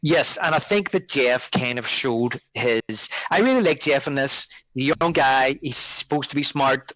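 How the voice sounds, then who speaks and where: A man's voice: mid-range voice, measured pace, pushed and bright, no room sound, low-quality recording. A man co-hosting a podcast, chatting casually about a film with rambling restarts and fillers. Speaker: podcast co-host. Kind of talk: casual film review chat.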